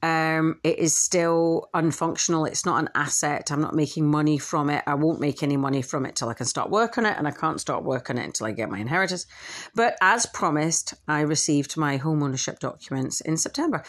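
A woman's voice: low voice, a little fast. A woman hosting her own podcast, talking candidly in a casual monologue, swearing and acting out quotes. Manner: candid, swearing, animated quoting with laughs. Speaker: podcast host and author. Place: at home with a dog nearby.

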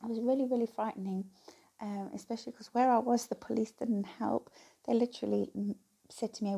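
Middle-aged woman, candid rambling vlogger, gravelly and mellow. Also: medium pitch, fairly even intonation, brisk. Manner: candid, rambling, laughs between phrases. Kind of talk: casual personal talk to viewers.

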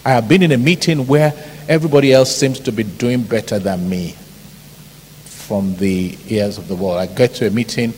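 A man's voice: lowish voice, normal speed. Nigerian man preaching in a reverberant hall. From Ibadan, Nigeria. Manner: animated, storytelling with mimicked shouts and laughter. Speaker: pastor. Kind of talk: sermon. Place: large church hall. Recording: hall reverb, faint background noise.

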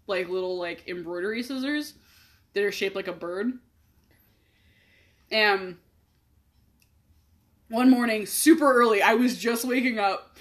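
A woman in her twenties in casual chat, telling a story in a laid-back way with lots of fillers. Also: medium pitch. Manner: chatty, laid-back, uses many fillers.

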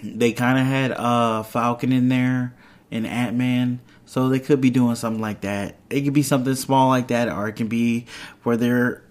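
A man talking on his own podcast in a loose, rambling way, often stopping to correct himself and getting excited as he goes. His pitch sits in a middle range for a man, and his delivery is casual and unscripted. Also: normal speed. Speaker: podcast host. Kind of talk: casual solo podcast chat. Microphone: headphones and microphone.

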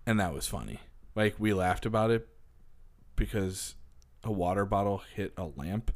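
A man's voice: on the low side, normal speed. A man co-hosting a podcast in casual chat, answering with short, laid-back agreeing replies. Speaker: podcast co-host.

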